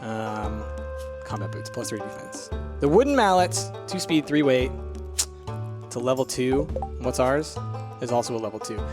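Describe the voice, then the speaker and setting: A man's voice: mid-range voice, animated, normal speed, pauses often. Chatty man narrating his gameplay. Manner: chatty, thinking aloud with many fillers. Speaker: let's play host. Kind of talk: casual gameplay commentary. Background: faint game music.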